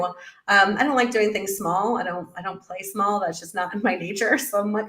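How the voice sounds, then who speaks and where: A middle-aged woman, a business coach guest in an interview, telling her story in an animated way and acting out her own past remarks. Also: mid-range voice, normal speed, reverberant. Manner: animated storyteller, quotes herself in lively voices. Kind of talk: conversational interview.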